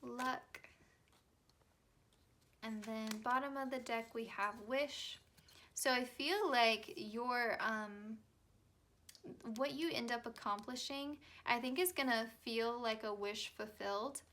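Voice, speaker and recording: A woman's voice: on the high side, takes it slowly, a bit bright, slight background noise. A young woman giving a casual, chatty tarot reading, reassuring her viewers with plenty of fillers. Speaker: tarot reader.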